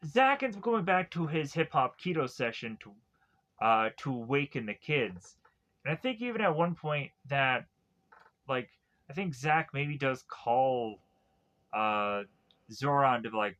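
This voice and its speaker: Here a man with a medium-pitched, fairly bright voice rambles through a casual TV series review. He keeps looping back with heavy fillers and restarts, recorded on a tablet.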